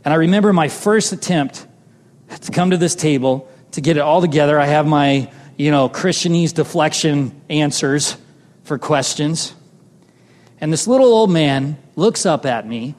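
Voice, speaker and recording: A man telling a personal testimony as a sermon, animated, moving between loud exclamations and hushed tender moments. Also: a little high. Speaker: preacher sharing a testimony. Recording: long hall reverb.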